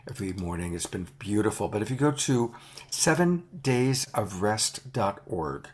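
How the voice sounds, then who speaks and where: Man with a low, husky voice. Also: sing-song, moderate pace. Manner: warm, praising, with fillers. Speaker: convener of an online vigil. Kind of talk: casual chat.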